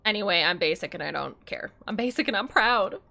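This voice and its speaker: Bubbly, lively young woman streamer. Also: mid-range voice, brisk, gravelly. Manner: chatty and bubbly, swears freely, greets and thanks viewers. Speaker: game streamer. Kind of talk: casual livestream chat while playing.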